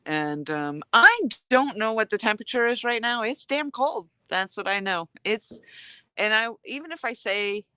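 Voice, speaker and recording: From a freezing outdoor dock, a fishing vlogger chats casually on her phone held at arm's length, rambling, sniffly, and greeting people as they join. Her voice is a little high with lively intonation, normal speed, and a sharp yet clean tone without echo.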